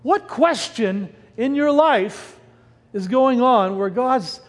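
Male pastor, sermon delivery, high voice with a swooping, lively range; hall reverb. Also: takes it slowly. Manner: animated, rhetorical questions, breaks off mid-word. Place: church sanctuary.

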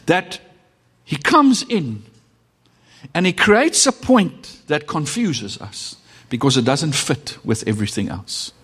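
A middle-aged man with a South African accent preaching a sermon as pastor, with dramatic pauses and sudden shifts between loud and hushed delivery. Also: on the high side, sing-song, slightly rough. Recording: long reverb of a hall.

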